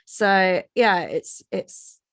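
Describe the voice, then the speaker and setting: Woman from lincolnshire, gravelly low voice, dry sound, hesitant. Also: expressive, extremely slow, fairly bright tone, dry recording. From Lincolnshire, England. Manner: hesitant, many fillers, laughs often. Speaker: guest film writer. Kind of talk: casual film discussion.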